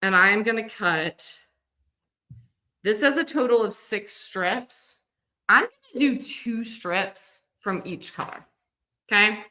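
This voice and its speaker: A woman's voice: medium pitch, animated, takes it slowly, long pauses, pushed and bright. A woman, hosting a live-streamed quilting lesson in a chatty, upbeat way and walking viewers through each step. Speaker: quilting teacher and host.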